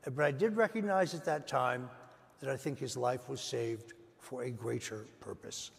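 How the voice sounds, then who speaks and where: Older male guest, gravelly, measured storyteller with many fillers, recorded in a reverberant hall. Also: mid-range voice, a little hiss or hum. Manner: measured anecdote with frequent "uh" fillers. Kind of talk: storytelling in an interview.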